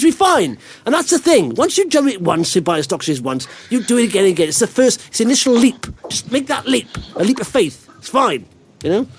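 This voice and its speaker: A middle-aged man hosting a podcast in excitable, animated casual chat, often repeating words. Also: sits high, slight background noise. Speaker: podcast host.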